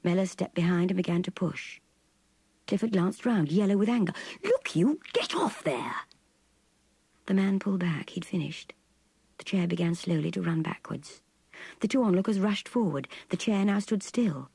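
An older woman narrating a classic novel in an intimate, breathy half-whisper. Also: fairly low pitch, moderate pace, dark tone, no room sound. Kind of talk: audiobook reading of a classic novel.

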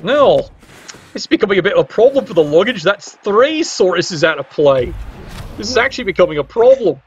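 A man's voice: sits high, big pitch swings, brisk, breathy edge, lo-fi sound. A man doing casual, wry play-by-play commentary on a game stream, teasing the players with exclamations.

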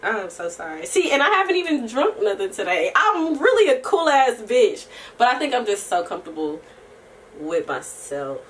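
A young woman talking to her camera in a loose, rambling vlog, full of slang and swearing and quick laughs. Her voice sits a little high and swings up and down freely as she talks. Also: very animated, recorded from a distance, slight background noise. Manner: chatty and rambling, slangy and profane, laughs often; breaks into soft singing. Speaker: vlogger. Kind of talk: casual chat to camera.

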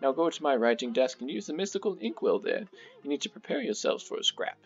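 A man's voice: a little high, very animated, fast, gravelly, husky, soft background music, pitched above the performer's own voice, exaggerated voice. A wise, kindly old kettle elder, put on by a man reading a storybook, his voice raised a little. He gives earnest, grandfatherly warnings. The recording is slightly dull.

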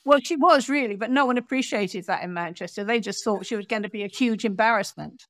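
A woman's voice: fairly high pitch, a little fast, no echo. Woman telling an aviation story in a dry close recording. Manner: animated storyteller, acts out quotes. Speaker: author guest. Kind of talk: storytelling in an interview.

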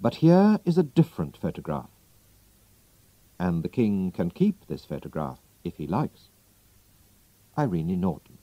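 A man reads a classic story aloud very slowly and clearly, his lowish voice rising and falling with a lot of expression. The tone is dark and mellow, recorded close and dry with no room sound. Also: no echo, highs cut off. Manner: clear, slow, expressive reading. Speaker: audiobook narrator for English learners. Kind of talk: slow scripted storybook narration.

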